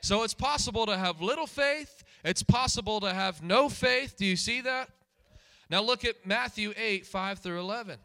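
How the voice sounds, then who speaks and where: His voice is high and sharp, moving at a moderate pace as he preaches. He is emphatic, repeats his key phrases, and keeps putting questions to the congregation.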